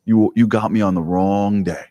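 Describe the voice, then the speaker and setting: A man doing a gruff taunting God voice. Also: fairly low pitch, fairly even intonation, moderate pace, dark tone, pitched below the performer's own voice, lightly acted. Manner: taunting, mock-tough. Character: gruff vengeful male God, mocking. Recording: long hall reverb.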